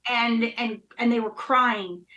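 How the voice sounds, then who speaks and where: A woman's voice: fairly high pitch, fairly even intonation, slow, bright, forceful tone, dull audio. A woman in her thirties speaking candidly and emotionally in casual chat, with many fillers. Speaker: guest.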